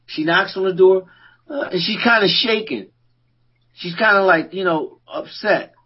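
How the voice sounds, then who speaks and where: A man co-hosting a podcast, telling stories in a casual, animated way and laughing often. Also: high-pitched, measured pace, slightly rough. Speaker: podcast co-host. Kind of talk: casual storytelling chat. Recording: dull lo-fi recording.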